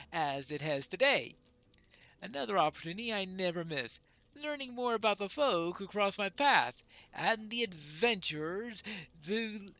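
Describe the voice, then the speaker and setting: Player doing a polite chatty dwarf, formal, lively pitch. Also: no echo, heavily acted. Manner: polite, wordy, formal reading. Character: courteous talkative male dwarf traveler.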